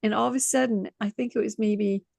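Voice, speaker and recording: A woman coach tells an animated story in casual conversation, acting out the voices of the people in it. Her voice sits in a middle pitch, and the sound is dry and close. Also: a little fast, gravelly, dry recording. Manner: animated storyteller, acts out quotes, laughs often. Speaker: intuition coach.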